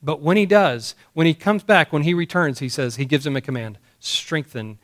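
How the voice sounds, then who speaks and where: A man's voice: a little high, lively intonation, brisk, a bit bright. A man preaching a sermon in an emphatic way, repeating key phrases and asking the congregation rhetorical questions. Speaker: pastor. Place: church service.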